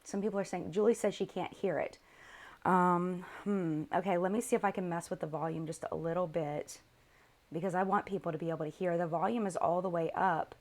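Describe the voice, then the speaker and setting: A young woman hosting a live makeup chat with viewers, tired and low on energy, rambling and often interrupting herself. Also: fairly even intonation, a little fast, darkish tone. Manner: scattered, rambling, self-interrupting. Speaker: beauty channel host.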